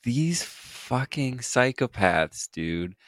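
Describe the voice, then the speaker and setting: A man co-hosting a podcast, talking in a slow, scornful, swearing way in casual political banter. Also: mid-range voice, very animated, a bit bright, dry recording, clean studio sound. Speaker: podcast co-host.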